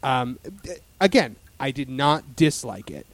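A man's voice: medium pitch, animated, measured pace. A man in casual chat as a podcast host, rambling with lots of fillers and restarts.

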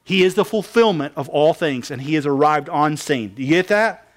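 A man's voice: on the high side, expressive, moderate pace. A man preaching a sermon, asking the congregation questions and answering them with emphasis. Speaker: pastor.

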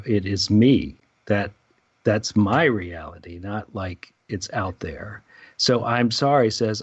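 Man, meditation teacher, deep voice, halting speech with fillers, muffled dry recording. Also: no echo. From United States. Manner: halting, many fillers and restarts. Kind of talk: casual spiritual conversation.

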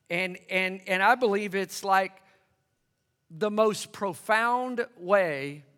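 High-voiced pastor preaching in a reverberant hall. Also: male voice, bright, forceful tone. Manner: conversational, calls for congregation to respond. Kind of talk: sermon. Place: church hall with congregation.

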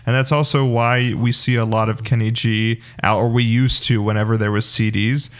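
Podcast host dude, chill and teasing, normal mid voice. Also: male voice, medium pitch, level tone, moderate pace. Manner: playful, teasing, easygoing. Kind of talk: casual sports podcast chat.

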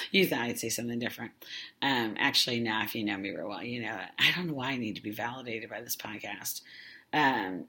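A woman's voice: very deep voice, fairly quick, sharp tone. A woman hosting her own podcast in a casual, rambling monologue, swearing freely and often losing her train of thought. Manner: rambling and profane, with many fillers and self-interruptions. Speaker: podcast host.

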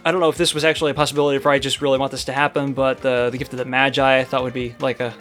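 A man's voice: mid-range voice, flat delivery, rapid-fire, a bit bright, soft background music. A man co-hosting a comedy podcast, rambling in casual banter and laughing often. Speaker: podcast co-host.

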